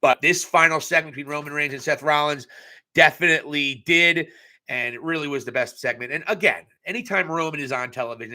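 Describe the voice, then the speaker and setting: A man's voice: medium pitch, sharp tone. A young adult man giving a casual live recap of a wrestling show, blunt and profane with joking asides.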